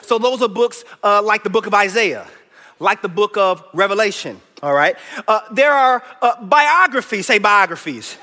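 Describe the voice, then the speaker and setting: A man's voice: high voice, animated, normal speed, bright, forceful tone. A man preaching a Bible lesson in a church, eagerly coaxing the congregation to call out answers. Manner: enthusiastic, coaxing the room to answer aloud. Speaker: preacher teaching a Bible class. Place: church hall. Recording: echoey church hall.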